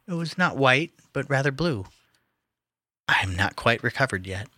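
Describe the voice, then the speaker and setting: Bright-voiced man reading poetry casually. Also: mid-range voice, animated, normal speed, no room sound, studio quality. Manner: reads verse with stumbles, restarts and laughs. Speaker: podcast host reading poetry aloud.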